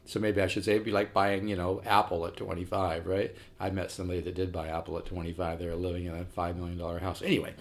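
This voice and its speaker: A man's voice: low-pitched, little pitch movement, fast talker, hardly any pauses. A man giving a casual guitar lesson, rambling and enthusiastic, counting the beats aloud over his own playing. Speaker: guitar teacher.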